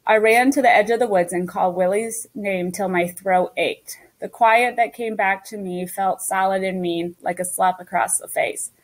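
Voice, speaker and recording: Woman reader, mid pitch, steady first-person storytelling for a children's book. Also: normal speed, few pauses, rough recording. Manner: steady storytelling as a young girl. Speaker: audiobook narrator. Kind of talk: scripted first-person audiobook narration.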